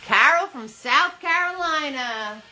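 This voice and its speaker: A woman's voice: high voice, lively intonation, slow pace, sharp tone. A woman hosting a live-streamed painting class, chatty and upbeat as she greets viewers by name, talking into a phone in a holder. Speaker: paint party host.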